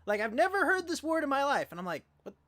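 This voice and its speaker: A man casually telling a profane, rambling story on a livestream, with lively acted quotes and many fillers. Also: very high voice, fast. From California. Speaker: podcast co-host.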